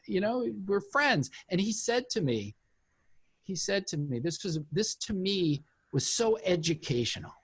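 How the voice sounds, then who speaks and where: A former cult member who now writes books speaks as an interview guest in a high, husky voice. Chatting casually about a personal experience, he animatedly impersonates the people he quotes.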